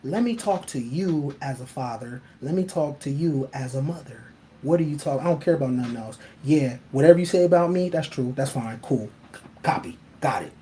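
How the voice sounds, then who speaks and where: A man's voice: medium pitch, expressive, a little fast, mellow, slight background noise. A man hosting a casual monologue, talking bluntly and animatedly, swearing freely and laughing often. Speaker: host.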